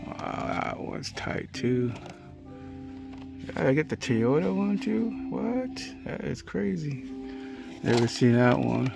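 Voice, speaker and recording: A California diecast collector vlogs while walking through a hobby store, muttering relaxed reactions and ranting about prices. His medium-pitched, gravelly voice moves slowly with big swings in pitch, and music plays behind him.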